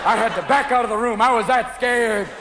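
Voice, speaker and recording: Man, stand-up comic, high voice, manic, live in big echoey theater, loud crowd laughter. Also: very noisy. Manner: manic, rapid switches into shouted character voices. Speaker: stand-up comedian. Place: large theater with a live audience.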